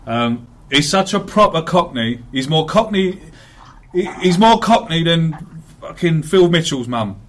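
A man's voice: a little high, expressive, measured pace. Chatty man hosting football talk. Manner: chatty, swears, many fillers. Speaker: podcast host. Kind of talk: casual football chat.

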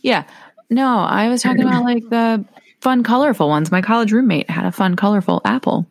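A woman co-hosting a casual podcast chat, telling stories in an animated, chatty way. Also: fairly high pitch, a little fast, creaky, no echo. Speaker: podcast co-host. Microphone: earbuds.

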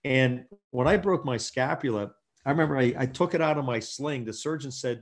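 A middle-aged man who works as a chiropractor, guesting in a casual interview. He tells stories in an animated way and laughs often as he goes. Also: medium pitch, fairly quick.

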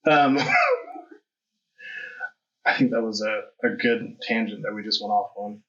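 A man's voice: lowish voice, wildly swooping pitch, takes it slowly, sharp tone. A man hosting a podcast, talking candidly and reflectively in a rambling conversational way. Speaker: podcast host. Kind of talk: conversational interview. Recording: dull lo-fi audio.

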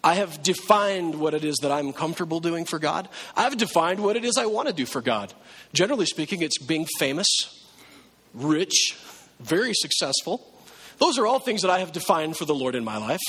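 A man preaches in a husky voice pitched a little higher than most. His talk is conversational and plain, and now and then he acts out pleading prayers. A long reverb from the church hall trails behind each line. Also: big pitch swings, normal speed, a bit bright. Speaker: pastor. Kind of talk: sermon.

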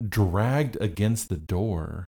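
A man's voice: low voice, expressive, slow pace, gravelly, mellow. A man taking part as a player in a tabletop game, talking in a musing, hesitant way. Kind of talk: casual tabletop play.

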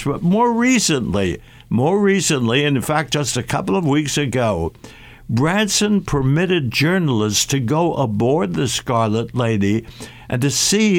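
An older man hosting a radio travel show, his voice sitting a little high for a man. He speaks in long, meandering sentences, stopping and restarting often and filling gaps with hesitant sounds. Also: creaky. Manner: halting, many restarts and fillers. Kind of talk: radio talk show discussion.

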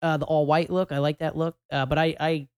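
Joking podcast dude, rambles, dry close mic. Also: male voice, a little high, little pitch movement, clear, resonant tone, no echo. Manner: jokey, rambling, quick laughs. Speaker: podcast co-host. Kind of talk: casual chat.

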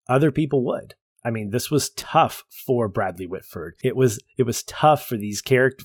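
A man's voice: on the low side, no room sound, clean studio sound. A man co-hosting a casual film podcast, explaining points with emphasis and enthusiasm. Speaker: podcast co-host.

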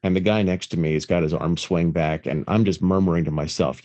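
A man with a very low, hoarse voice, worn down by illness, rambles through a crude story in casual podcast banter. He speaks over a phone line with a dry, close sound and no room echo. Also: steady tone, a little fast, hardly any pauses, mellow. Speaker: podcast co-host. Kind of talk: casual chat. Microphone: phone call.

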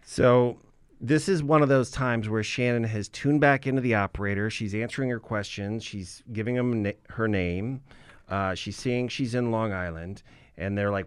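A man's voice: fairly low pitch, steady tone, moderate pace, clear, resonant tone, dry recording. A man co-hosting a podcast, casually walking through a recorded call step by step. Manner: analytical, explains the call step by step. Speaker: podcast co-host. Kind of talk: casual true crime discussion.

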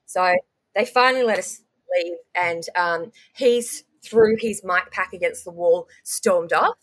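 A young Australian woman telling a story as a guest in casual conversation, full of ums and restarts. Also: lowish voice. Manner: animated, rapid recounting with frequent ums and restarts.

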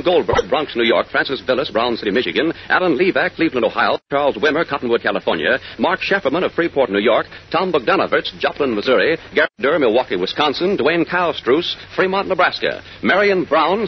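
A man announcing on an old radio show, reading out a list in a brisk, rhythmic way. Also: medium pitch, big pitch swings. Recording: dull hissy old radio recording.

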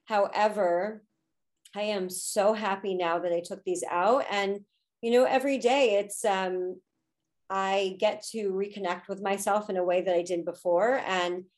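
Woman in her 30s on a podcast, open and emotional, lots of ums and you knows, mid pitch. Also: steady tone, a little slow. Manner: candid and emotional, with frequent fillers. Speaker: podcast guest, spiritual teacher. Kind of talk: personal story in a podcast interview.

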